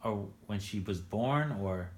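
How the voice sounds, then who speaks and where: A man interviewing a father he worked with, asking gentle leading questions with frequent restarts. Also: lowish voice, animated, slow, roomy sound. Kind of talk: casual interview.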